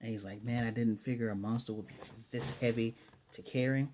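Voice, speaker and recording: A man's voice: mid-range voice, fairly even intonation, a little fast, a little mellow, a little hiss or hum. A man casually recapping and reviewing an anime episode, rambling and acting out the characters' lines as he goes.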